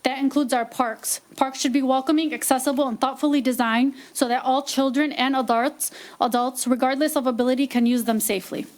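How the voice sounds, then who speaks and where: Firm, high-voiced mother pleading her case. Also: fairly even intonation, fairly quick, hardly any pauses, darkish tone. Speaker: parent giving public comment. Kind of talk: prepared public comment read aloud.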